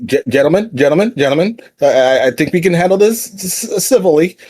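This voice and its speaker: A man voicing a placating mediator at a wrestling press conference in an online role-play. He stammers and hesitates, his pitch rises and falls a lot, and the sound is dry. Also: lively intonation, a little fast, darkish tone, no room sound. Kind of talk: in-character voice chat role-play.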